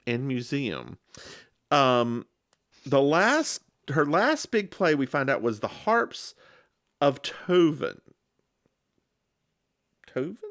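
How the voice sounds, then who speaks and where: A man's voice: fairly high pitch, a bit bright. A man co-hosting a podcast, rambling through a TV episode recap in casual chat, restarting and correcting himself.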